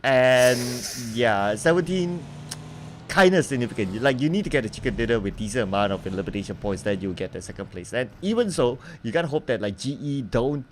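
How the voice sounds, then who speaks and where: A man casting a mobile esports match live, in a relaxed, chatty way and laughing easily. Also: medium pitch, brisk. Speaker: esports caster. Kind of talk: live game commentary. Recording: faint background noise.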